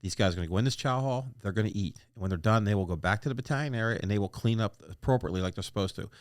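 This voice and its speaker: Blunt fast-talking older man, dry mic. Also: on the low side, no room sound. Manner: blunt, profane, fast-talking war stories. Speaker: guest, retired Marine master gunnery sergeant. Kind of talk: casual podcast interview storytelling.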